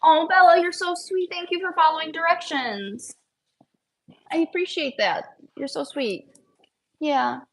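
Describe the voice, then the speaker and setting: A woman breeding dogs who chats on a casual live stream at home, switching between high sing-song baby talk to puppies and low chatty asides. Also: measured pace, long pauses, a little hiss or hum, rough recording.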